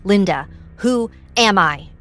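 A woman's voice: medium pitch, measured pace, faint music behind, pitched above the performer's own voice, natural voice. A woman voicing a desperate mother who speaks firmly and urgently. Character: desperate mother confronting her sister.

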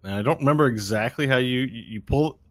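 A man narrating as game master of a tabletop game, describing scenes in a relaxed way and correcting himself as he goes. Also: medium pitch, fast.

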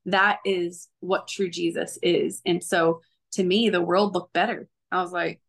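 A woman's voice: lowish voice, steady tone, measured pace, gravelly, a bit bright. A young woman sharing her faith testimony in an earnest, conversational way, often laughing. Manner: earnest, laughs often, acts out quoted voices.

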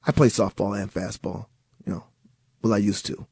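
A man filling in as a talk radio host, giving an animated, sarcastic monologue and chuckling at times. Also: on the low side, moderate pace, vocal fry, slightly rough, no echo, studio quality.

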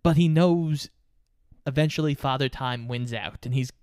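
A man's voice: medium pitch, moderate pace, darkish tone, clean tone, dry recording, studio quality. A man co-hosting a casual movie podcast. He walks through the plot step by step in a storytelling manner. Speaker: podcast co-host. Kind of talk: casual movie recap chat.

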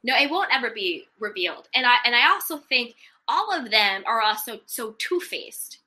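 A woman's voice: on the high side, sing-song, moderate pace, bright, forceful tone. A young woman chatting casually and animatedly, with a sassy, emphatic way of talking. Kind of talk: casual reality-TV gossip chat.

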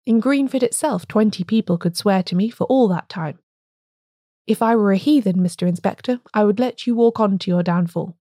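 A woman's voice: medium pitch, normal speed, no room sound, clean studio sound, natural voice. A woman playing a grim, fanatical village blacksmith. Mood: ponderous. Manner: ponderous, calm and solemn.

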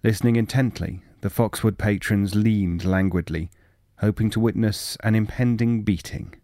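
A man narrating a first-person period story in a measured, wry reading. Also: lowish voice, warm tone, no echo, clean studio sound. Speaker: audiobook narrator.

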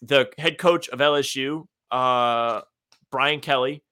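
A man with a bright, forward voice chats on a sports podcast. He tells long, wandering anecdotes and plays up his outrage for laughs, his pitch sitting in an ordinary middle range. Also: takes it slowly, clean tone. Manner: rambling, animated storytelling with mock indignation. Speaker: podcast co-host. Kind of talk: casual sports podcast chat.

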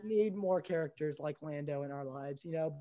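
A man hosting a casual movie chat, joking and animated. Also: a little high, fairly quick, dull audio. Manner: joking, animated, does playful impressions. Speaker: podcast host. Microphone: home microphone on a call.

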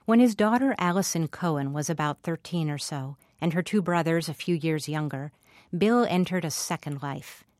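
A woman with a low voice reads a scripted remembrance. Her delivery is measured and literary, recorded close and dry. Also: animated, darkish tone, no room sound. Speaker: writer narrating a remembrance. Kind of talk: scripted narration.

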